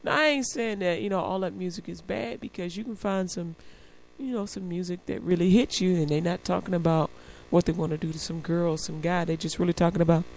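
Chatty woman radio host, creaky voice. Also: lowish voice, brisk, a little mellow, poor audio. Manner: chatty, laughs often, acts out voices. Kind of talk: casual Christian radio talk.

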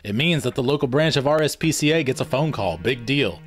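A man's voice: medium pitch, animated, fairly quick, faint music behind, close to an everyday voice. A man voicing a bored, sarcastic young man who brushes off his friend's news. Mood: sarcastic, dismissive. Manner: dry, sarcastic, dismissive.

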